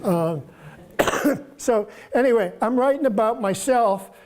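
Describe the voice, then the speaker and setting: Soft-spoken man in his seventies. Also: very high voice, lively intonation. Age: 70s. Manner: halting, repeats words, chuckles through stories. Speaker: guest author. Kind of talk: casual storytelling talk.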